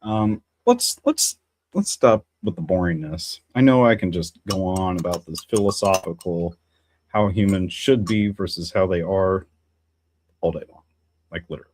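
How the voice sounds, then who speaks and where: A man's voice: deep voice, normal speed, darkish tone. A man hosting a casual solo livestream, rambling and musing in a philosophical way, with chatty asides to his viewers. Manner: many fillers and restarts, chatty asides to viewers. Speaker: livestream host.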